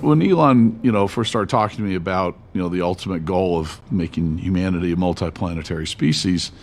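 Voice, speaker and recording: A man's voice: low voice, brisk, a little hiss or hum. A man in an interview clip telling an anecdote, laughing now and then as he recounts it. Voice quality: gravelly, laughs between phrases.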